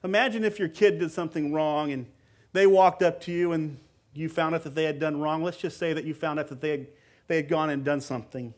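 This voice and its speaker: A male pastor with a fairly high voice delivering a sermon. He talks to the congregation in a relaxed, conversational way, then leans hard on key words and repeats phrases for emphasis. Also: a little fast.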